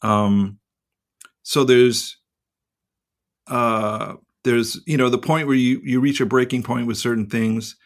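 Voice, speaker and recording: A man's voice: mid-range voice, steady tone, slow pace, pauses often. A man co-hosting a podcast in casual chat, rambling and reflective and swearing freely. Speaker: podcast co-host.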